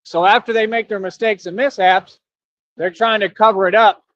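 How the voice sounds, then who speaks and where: Man, high voice, casual stream commentary, rhetorical asides, conversational. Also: fairly even intonation, moderate pace, fairly bright tone, muffled recording. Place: home streaming setup.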